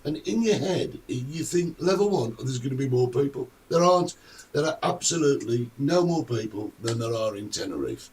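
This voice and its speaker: A man hosting a casual live-streamed talk show, chatting in an animated, storytelling way. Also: mid-range voice, normal speed. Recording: distant mic with faint room noise.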